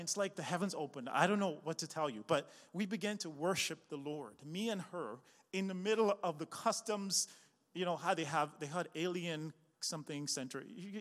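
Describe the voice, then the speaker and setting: Pastor guy preaching, high voice, long echo in the hall, gets loud then chatty. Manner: builds to loud, rising preaching with repeated refrains; slips into chatty storytelling with fillers and restarts. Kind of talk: sermon.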